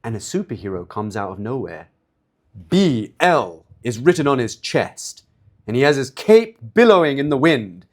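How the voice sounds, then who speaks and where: A man's voice: mid-range voice, big pitch swings, normal speed. Impassioned, sarcastic male religious lecturer.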